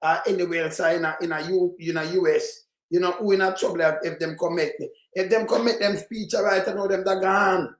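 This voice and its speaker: A Jamaican man delivers a heated political commentary in patois, often raising his voice to a shout. His voice sits high for a man. The room around him is echoey. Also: steady tone, fairly quick, hardly any pauses. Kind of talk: ranting commentary over clips.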